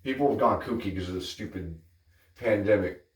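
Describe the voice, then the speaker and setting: Casting note: low-pitched male vlogger, chatty and digressive, recorded from a distance in an echoey bathroom. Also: a little fast. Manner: chatty, digressive, animated when telling stories. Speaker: wet shaving channel host. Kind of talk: casual rambling chat. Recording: roomy sound from off-mic.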